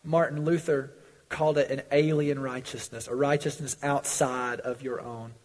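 A man preaching a sermon in earnest, swelling loud on pleas and dropping low on warnings, in a church sanctuary. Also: little pitch movement, normal speed. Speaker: pastor. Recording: long hall reverb.

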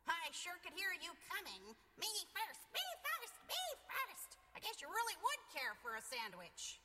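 A woman's voice: very high-pitched, sing-song, a little slow, pushed and bright, long reverb tail, pitched above the performer's own voice, exaggerated voice. A woman voicing a small, sly, bossy female sand creature in a read-aloud storybook, cackling and crafty.

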